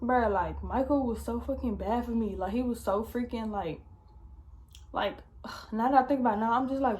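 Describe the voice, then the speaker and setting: A woman's voice: fairly high pitch, normal speed, a little mellow, slight background noise. A young woman vlogger telling a storytime, chatty and slangy, swearing often. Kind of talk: casual storytime.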